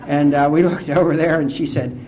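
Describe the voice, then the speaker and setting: A middle-aged man from West Virginia, speaking as an AA speaker and telling his recovery story to a conference in a heartfelt, unhurried way. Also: fairly high pitch, steady tone, a little mellow, a faint crowd, a little hiss or hum. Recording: dull lo-fi conference tape.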